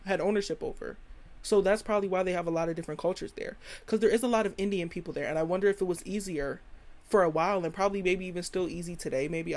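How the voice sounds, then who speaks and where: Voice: medium pitch, a little mellow. An American podcast host giving a rambling, opinionated solo monologue full of slang. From United States.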